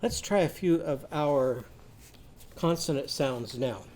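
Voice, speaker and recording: This teacher is a man whose voice is mellow and on the high side, and he speaks slowly while guiding little children through reading skills. He lengthens sounds and syllables for them to mimic before asking everyone to say them back, with faint noise in the background.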